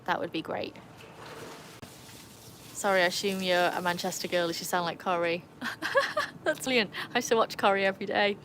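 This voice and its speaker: Speaking on a casual livestream, a woman greets viewers by name in an accent that blends Birmingham and North Wales English, from her home with a pool. Her voice sits fairly low and a bit bright, moving at a moderate pace with long pauses. The low-quality recording carries a little hiss or hum.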